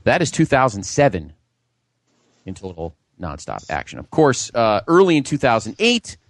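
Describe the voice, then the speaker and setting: A man's voice: medium pitch, wildly swooping pitch, moderate pace. A man hosting a comedy podcast, reading out wrestling history with dry sarcastic asides. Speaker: podcast host.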